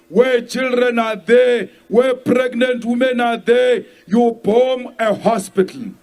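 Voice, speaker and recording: A South African man giving a slow, emphatic rally speech and shouting some lines. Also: very high voice. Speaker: political leader addressing a rally.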